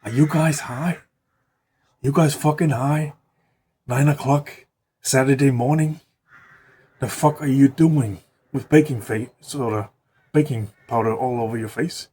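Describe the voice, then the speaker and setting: A man's voice: medium pitch, unhurried, long pauses, warm tone, a little hiss or hum, natural voice. A man voicing an irate father who scolds two stoned young men in an improvised spoken story. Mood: angry. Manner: angry, exasperated scolding.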